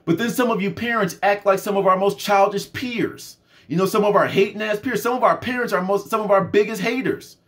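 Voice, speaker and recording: A young adult man giving an impassioned, preachy rant straight to his audience as a spiritual and health vlogger. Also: sits high.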